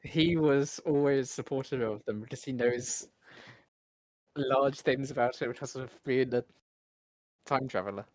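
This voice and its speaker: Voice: medium pitch, unhurried, long pauses, darkish tone, no room sound. A speaker in a casual chat over a voice call, offering thoughtful, hedging remarks. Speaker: watch-along participant. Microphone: computer mic on a voice call.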